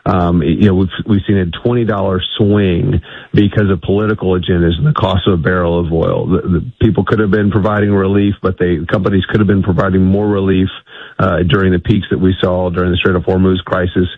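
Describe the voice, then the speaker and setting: Emphatic radio guest, a man with a low husky voice on a dry, tinny phone line. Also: little pitch movement, a little fast, no room sound. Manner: emphatic, restarts often. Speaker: energy policy guest.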